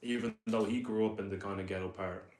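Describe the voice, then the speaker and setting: A young Dublin-accented man from Ireland talks fast on his stream, his lowish, darkish voice holding a steady tone against slight background noise. He rambles casually, reads out viewer comments and answers them.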